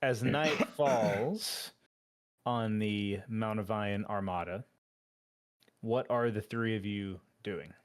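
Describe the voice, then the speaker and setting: A man narrating a tabletop game as game master, describing scenes in an unhurried way. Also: lowish voice.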